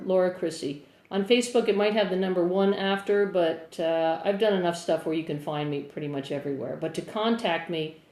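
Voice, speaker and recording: With a lowish, slightly mellow voice and a New Jersey accent, a middle-aged singer-songwriter answers viewers' questions on a phone live stream. She's chatty, upbeat and prone to rambling, and the room echoes on the phone mic.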